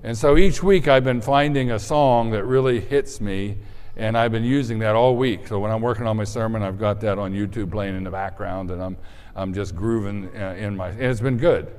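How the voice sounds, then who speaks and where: A male pastor giving a sermon to his congregation, praying slowly and then telling stories casually with frequent restarts. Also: lowish voice, darkish tone, smooth, big-room sound. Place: church sanctuary with congregation.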